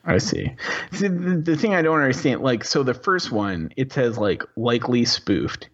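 A man's voice: mid-range voice, expressive, moderate pace, slightly rough, lo-fi sound. A male podcast co-host in casual chat, hesitant and full of fillers as he asks questions.

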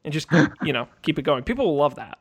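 Animated high-voiced man chatting. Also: fast talker, slightly rough. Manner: animated, playful, over-the-top. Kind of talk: casual comedic chat.

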